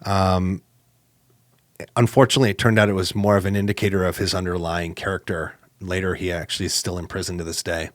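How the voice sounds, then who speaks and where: A man co-hosting a podcast, telling a personal story in a casual, animated way with lots of fillers. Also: quick pace, dry recording, clean studio sound. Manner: animated, acts out quoted exchanges with jumps in pitch; conversational, with many fillers and restarts. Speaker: podcast co-host.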